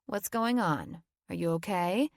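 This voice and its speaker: A gentle, motherly young woman who soothes and reassures a friend in trouble, as a woman narrator plays her. Her voice sits low with a gravelly texture, close and dry. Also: a little slow, dry recording. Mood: concerned.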